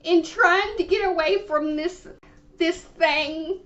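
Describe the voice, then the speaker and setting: A woman on a prank phone call, telling her story in a slow, halting, stammering way. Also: extremely high pitch, a bit bright. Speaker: prank caller posing as a frail lady.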